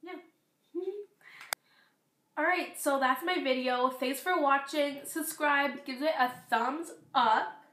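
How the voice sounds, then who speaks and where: A teenage girl chatting through a beauty product review, rambling with fillers, her voice going hoarse. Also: high-pitched, slow pace, long pauses, a bit bright, echoey room, slight background noise. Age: teens. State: losing her voice. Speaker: beauty vlogger. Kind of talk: casual product review vlog.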